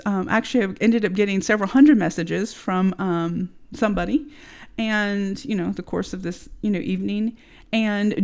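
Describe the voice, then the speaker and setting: A woman's voice: mid-range voice, steady tone, moderate pace, a little mellow. A woman in her thirties from the United States, casually recounting a personal story with lots of fillers, swearing and "right?". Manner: casual, profane, many fillers and rhetorical "right?". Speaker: podcast guest telling her story. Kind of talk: candid storytelling chat.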